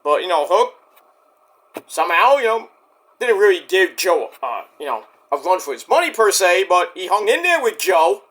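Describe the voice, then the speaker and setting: A man recapping a wrestling show in a casual, excitable rant, swearing often. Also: high voice, normal speed. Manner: excitable, profane, storytelling rant.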